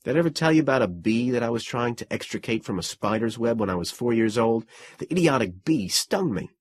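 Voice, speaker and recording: Male reader as a worn-out man off a starship for an audiobook: quiet, husky, wry. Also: mid-range voice, expressive, fairly quick. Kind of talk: audiobook character reading.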